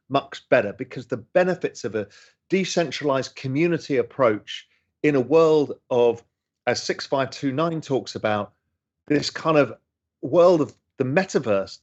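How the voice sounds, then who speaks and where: A middle-aged man, chatting enthusiastically as he reads and answers chat questions on a casual livestream. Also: medium pitch. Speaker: host answering audience questions. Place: home room. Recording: slightly dull lo-fi stream audio.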